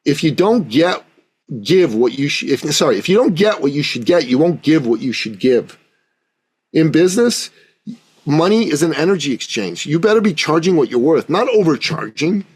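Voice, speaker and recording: Male podcast guest, business coach; husky, emphatic storyteller who acts out dialogue. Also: on the high side. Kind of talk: conversational storytelling interview.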